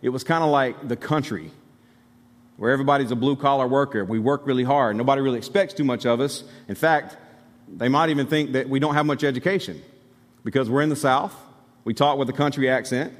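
A male pastor from Alabama delivers a sermon in a mid-pitched voice. He preaches conversationally but emphatically and turns to the congregation with asides. The sound carries the long reverb of a church sanctuary. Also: fairly quick.

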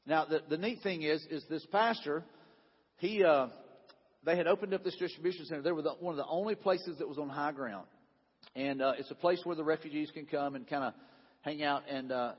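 In a church sanctuary, a pastor whose voice is a little high and husky gives a slide-backed sermon. His storytelling is conversational, often repetitive, with quoted dialogue, and the recording sounds dull in a big, echoing hall.

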